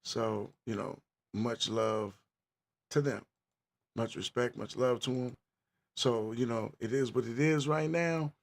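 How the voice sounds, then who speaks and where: A man hosting his podcast in a relaxed livestream chat, slangy and repeating himself, with his mic turned up loud. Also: medium pitch, takes it slowly, vocal fry, long pauses. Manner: laid-back, repeats phrases, slangy. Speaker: podcast host.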